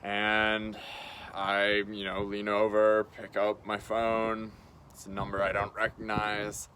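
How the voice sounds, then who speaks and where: A man talking casually to camera in a halting way, with many pauses and fillers. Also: lowish voice, monotone, sharp tone, slight background noise. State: groggy and short on sleep. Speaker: video blogger. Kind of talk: casual spoken monologue to camera.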